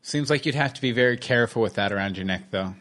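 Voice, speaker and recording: A man's voice: mid-range voice, fast talker, fairly bright tone. A man co-hosting a TV watch-along podcast, chatting casually and cracking playful jokes as the episode plays. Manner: joking, playful banter. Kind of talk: casual chat over an episode.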